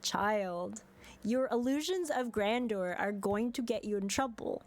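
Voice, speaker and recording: A woman's voice: medium pitch, a little slow, darkish tone. A young woman streaming a game, chatting casually and exasperated, with frequent swearing and laughter.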